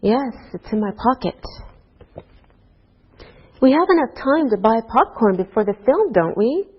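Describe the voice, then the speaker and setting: A woman teaching an English grammar lesson to a class, speaking slowly and deliberately through example sentences. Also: on the high side, big pitch swings, slightly rough. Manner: slow, deliberate teacher talk with rising and falling example tags. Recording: dull lo-fi course recording.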